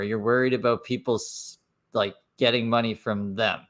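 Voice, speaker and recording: Sarcastic man with a low voice. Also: normal speed, fairly bright tone. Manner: sarcastic, blunt, swears. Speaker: stream host reacting to a clip. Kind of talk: reaction commentary.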